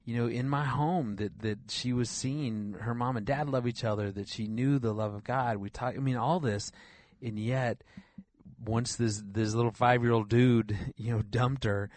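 A middle-aged man, a relationship counselor who appears regularly on a Christian radio show, tells stories earnestly in a radio interview, often repeating words as he thinks. His medium-pitched voice is steady, a little mellow, and at normal speed, in a dry recording.

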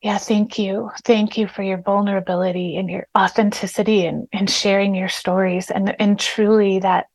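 A woman guest on a Christian talk show who talks earnestly and warmly about grief and quotes scripture, often repeating words as she goes. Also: mid-range voice, level tone, normal speed, few pauses, dry recording.

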